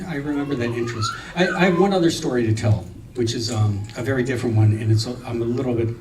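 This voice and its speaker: A man's voice: on the low side, darkish tone. Hesitant man reminiscing in an echoey room. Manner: hesitant, many ums and restarts, wry. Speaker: storyteller at a gathering of friends. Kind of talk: casual anecdote telling. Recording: echoey room, recorded from a distance.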